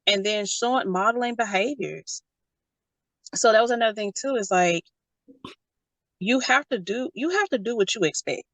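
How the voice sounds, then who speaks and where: Animated woman telling stories. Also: a little high, normal speed, pauses often, no room sound. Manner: animated storytelling, quotes others in character. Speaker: guest. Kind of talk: casual conversation.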